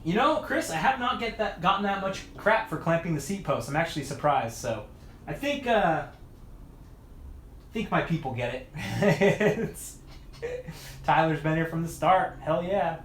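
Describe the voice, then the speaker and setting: Tired male streamer, mutters while wrenching, slightly high voice, echoey room with light hiss. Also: sing-song, unhurried, a bit bright. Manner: chatty, mutters to himself while working. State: tired after hours of work. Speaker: mountain bike video creator. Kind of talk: casual livestream chat while wrenching. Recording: echoey room with faint noise.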